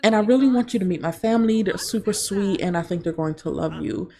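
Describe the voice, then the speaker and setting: A woman's voice: mid-range voice, fast, vocal fry, dark tone, slight background noise, lightly acted. A woman voicing a young adult man, an earnest, hurt boyfriend, as she narrates a life-sim game. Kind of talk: voicing game characters in commentary.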